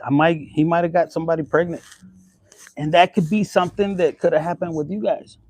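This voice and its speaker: A man's voice: fairly high pitch, fairly even intonation, brisk, darkish tone, no echo. A young man doing a casual tarot reading, talking bluntly with lots of swearing and slipping Spanish phrases into his English. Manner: profane, blunt and chatty, mixing in Spanish phrases. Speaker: tarot reader.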